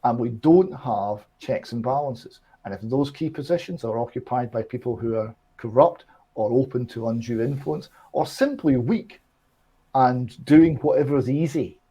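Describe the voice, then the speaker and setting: A man's voice: mid-range voice, moderate pace, mellow, breathy edge. A man on an online discussion show, explaining and building his argument step by step with emphasis. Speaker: political commentator.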